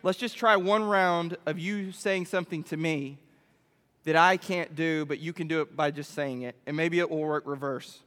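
A man preaching a playful sermon to a youth group, animated and constantly checking in with the room. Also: fairly high pitch, normal speed. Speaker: youth pastor. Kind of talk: playful sermon with audience demo. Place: church hall. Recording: echoey hall reverb.

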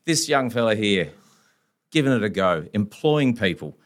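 A man putting on the voice of a brash, aggressive male lawyer who scolds loudly and with emphasis. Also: fairly low pitch, big pitch swings, moderate pace, voice pushed up. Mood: indignant.

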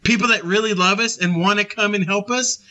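Earnest guy preaching, high voice, real sharp and bright, reads verses out loud. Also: a little fast, highs cut off. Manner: earnest, reads scripture aloud with frequent restarts; animated when voicing a small child. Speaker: preacher leading a Bible study. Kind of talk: conversational Bible teaching with scripture reading.

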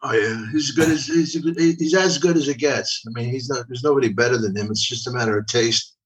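Rambling older comedian from Philly. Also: male voice, mid-range voice, fast. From Philadelphia. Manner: rambling, repeats words, profane. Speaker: guest comedian. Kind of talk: casual storytelling. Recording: voice from a distance.

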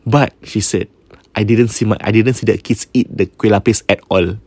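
Singaporean male storyteller, low-pitched, chatty and halting, hushes for the scary bits, dry close sound. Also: fairly even intonation, slightly rough, dry recording. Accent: Singaporean English. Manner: mixes Malay into English, many restarts; drops to a hush for eerie parts. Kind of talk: casual ghost story retelling.

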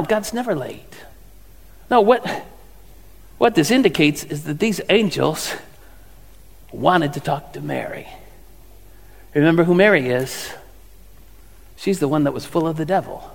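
A man's voice: high-pitched, creaky, in a large hall. A man preaching a sermon in a conversational way, full of rhetorical questions. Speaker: pastor.

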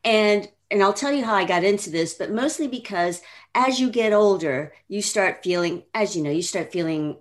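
A woman's voice: medium pitch, normal speed. A woman in her fifties from Los Angeles, a fitness trainer guest speaking frankly and laughing easily on a remote podcast call. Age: 50s. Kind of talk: casual podcast interview.

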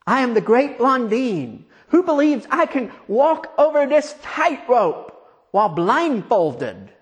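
A man voicing a boastful male tightrope-walking showman who is loudly whipping up a crowd. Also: very high-pitched, sing-song, takes it slowly, voice pushed up, exaggerated voice. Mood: boastful, showy. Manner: grand announcing, whipping up a crowd.

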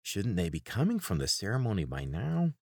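A man's voice: lowish voice, wildly swooping pitch, fairly quick, gravelly, dry recording, clean studio sound, pitched above the performer's own voice, exaggerated voice. A man voicing a timid, whining male city guard with a nasal voice in an audiobook. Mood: uneasy. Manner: whining, anxious. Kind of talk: audiobook character voice.

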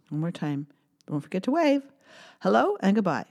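A middle-aged woman teaching young children, singing songs and reading a poem in a gentle, sing-song way with cheerful cheers. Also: mid-range voice, sing-song, moderate pace.

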